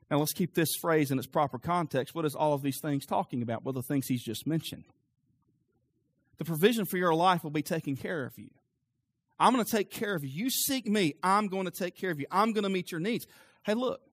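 A male pastor preaching a sermon with an emphatic, rising cadence, then leading a quieter prayer. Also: fairly high pitch, slightly rough, dry recording.

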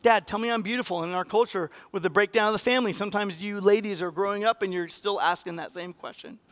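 High-voiced pastor preaching animatedly. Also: male voice, quick pace. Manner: animated, acts out quoted voices with rising pitch and volume. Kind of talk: sermon.

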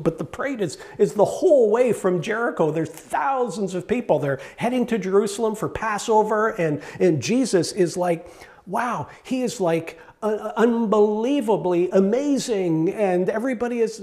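A pastor preaching a storytelling sermon in a conversational, animated way, with many fillers and restarts. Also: mid-range voice.

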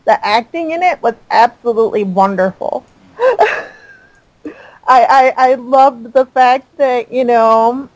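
Woman, podcast co-host, fairly high voice, casual enthusiastic chat. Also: a little mellow, dry recording, rough recording. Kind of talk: casual chat recapping a soap opera.

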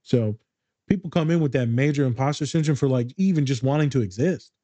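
A man's voice: medium pitch, lively intonation, a little fast, warm tone, dry recording. A man talking in a casual podcast chat as a therapist, blunt and streetwise, swearing freely.

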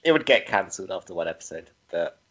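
A man's voice: sits low, expressive, fast. A man, co-hosting a podcast in laid-back casual chat. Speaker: podcast co-host. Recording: dull lo-fi podcast mic.

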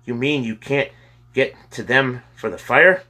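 A man's voice: mid-range voice, measured pace, breathy edge, pitched above the performer's own voice. A man doing a snarling, self-important official. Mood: angry. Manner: snarling and angry.

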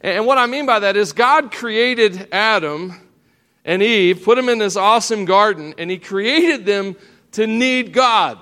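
A middle-aged man preaches in a church, his high voice cracking a little as he jokes and speaks straight to the families in front of him. His delivery is folksy and conversational. A long reverb from the large hall trails behind his words. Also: measured pace, pushed and bright. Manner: folksy, joking, addresses the congregation and children directly. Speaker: pastor. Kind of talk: sermon. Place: church sanctuary.

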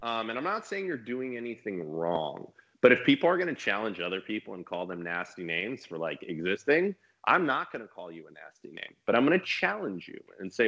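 A man, a business coach and mentor, talking in a casual podcast conversation with an energetic, emphatic manner. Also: lowish voice, a little fast, few pauses, muffled recording.

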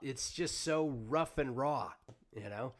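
A man's voice: mid-range voice, slow pace. A man hosting an interview podcast, reading out viewer questions with hesitant fillers. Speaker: podcast host. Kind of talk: casual interview chat.

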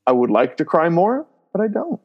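A man guesting on a podcast tells family stories in casual conversation, his fairly high voice moving at a moderate pace in a muffled recording. An animated storyteller, he laughs often, screams loudly when acting out scenes, and peppers his speech with "like" and "um".

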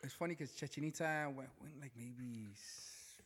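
This young Mexican American man from Chicago co-hosts a casual podcast, chatting fast and animatedly while mixing English and Spanish and saying "bro" a lot. His voice is medium-pitched and slightly rough.

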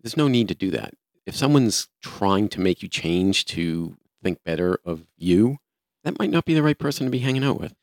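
Deep-voiced older man, plain-spoken. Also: lively intonation, normal speed, a little mellow, dry recording, clean studio sound. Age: 60s. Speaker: podcast co-host. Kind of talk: casual chat.

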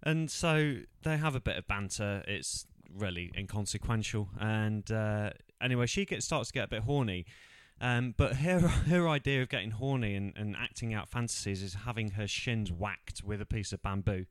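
A man in casual podcast chat, retelling film scenes with quick put-on voices. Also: lowish voice, smooth, no echo, clean studio sound. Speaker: podcast co-host.

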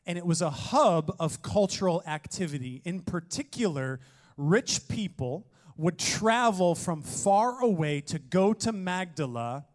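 A man preaching a sermon, energetic and joking, with playful asides to his congregation. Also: high-pitched. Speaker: pastor.

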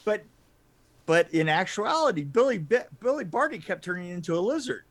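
A man co-hosting a casual movie review chat, talking in halting restarts and laughing often. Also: high-pitched, sing-song. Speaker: podcast co-host.

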